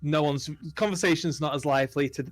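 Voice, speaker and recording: Man, game master, rambling tabletop narration, fillers, slightly high voice, dry close sound. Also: fairly quick, no echo.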